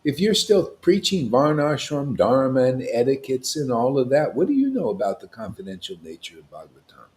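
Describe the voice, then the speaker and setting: A man preaching to a devotional gathering, emphatic and confrontational, with casual slang, swinging between loud declarations and hushed asides. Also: medium pitch, very animated, fairly quick, few pauses. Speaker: spiritual teacher at a devotee gathering. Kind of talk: impassioned devotional sermon.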